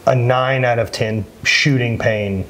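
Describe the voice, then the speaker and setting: A man's voice: medium pitch, fairly even intonation, a little slow, a bit bright, a little hiss or hum. A man in his thirties, a former athlete, talking earnestly and plainly as an interview guest, often restarting his sentences. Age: 30s. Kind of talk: candid conversational interview.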